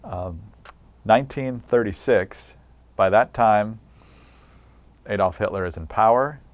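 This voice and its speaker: A man's voice: lowish voice, slow, no room sound. A man conducting an oral history interview, prompting with questions and summing up the answers.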